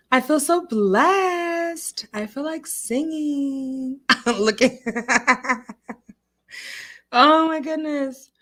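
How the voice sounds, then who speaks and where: A woman's voice: high voice, a bit bright. A tipsy woman casually chatting on a livestream in an echoey room at home, giggling and greeting viewers. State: a little tipsy. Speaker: livestream host.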